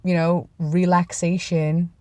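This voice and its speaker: A woman's voice: fairly low pitch, little pitch movement, slow pace, dry recording. A young adult woman telling rambling, self-deprecating stories in a casual vlog. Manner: rambling, self-deprecating, drops to a hush for quoted lines. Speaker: vlogger.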